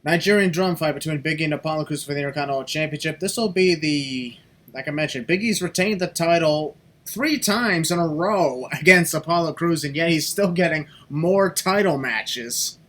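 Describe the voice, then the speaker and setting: A man's voice: fairly high pitch, normal speed, a bit bright. A man hosting a podcast in casual, joking, rambling chat. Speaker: podcast host.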